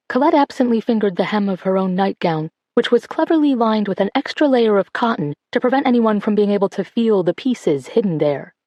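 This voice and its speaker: A woman with a medium-pitched voice narrates an audiobook in a measured, expressive reading, with no room sound.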